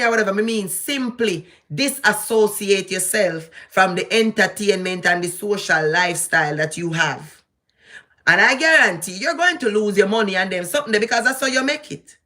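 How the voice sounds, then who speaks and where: A woman's voice: mid-range voice, fairly bright tone. A woman with a Jamaican accent giving casual, preachy commentary and speaking straight to the person she addresses. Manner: preachy, emphatic, addressing someone directly. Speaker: vlogger.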